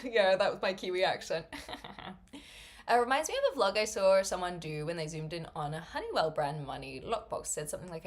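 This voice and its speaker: A woman's voice: fairly high pitch, lively intonation, moderate pace, fairly bright tone. A woman live-streaming, chatting casually with her viewers, rambling with lots of fillers and frequent laughter.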